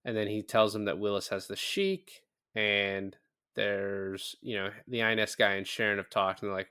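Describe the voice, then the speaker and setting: Low-voiced man recapping a movie. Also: normal speed, clear, resonant tone, dry recording, studio quality. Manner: animated retelling with quoted lines and swearing. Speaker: podcast co-host. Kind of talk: casual movie recap chat.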